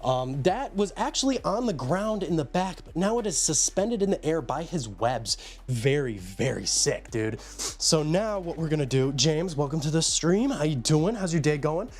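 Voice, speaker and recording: The voice sits on the high side and is sing-song and darkish, moving at a moderate pace over soft background music. It belongs to a man live-streaming from a room at home, casually rambling, greeting viewers by name, and showing his pet enclosures.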